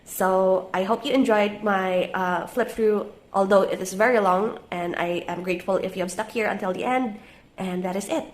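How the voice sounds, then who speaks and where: A young woman with a cold and a stuffy nose narrates her journal flip-through in a relaxed, casual voice-over, pausing often with "uh". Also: mid-range voice. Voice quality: soft, relaxed voice-over with many "uh" pauses. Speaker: journaling YouTuber.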